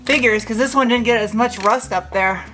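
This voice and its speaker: A woman's voice: on the high side, moderate pace, over music. A young adult woman casually narrating her truck restoration in a garage, joking and talking to herself as she works. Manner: chatty, joking, talks to herself while working. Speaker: car restoration vlogger.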